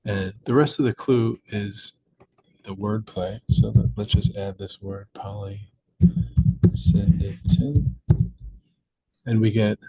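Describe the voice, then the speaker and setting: In a screen-recorded walkthrough, a young crossword constructor and teacher goes patiently through clues, slipping and restarting now and then. He has a lowish, warm, husky voice with a steady tone and measured pace, caught in a dry, low-quality recording.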